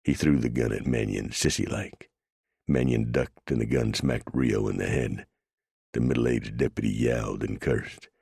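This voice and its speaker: A man narrates a western audiobook with a steady, measured delivery. His voice is extremely deep and gravelly, with a husky, dry close sound. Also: dry recording. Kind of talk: scripted narration.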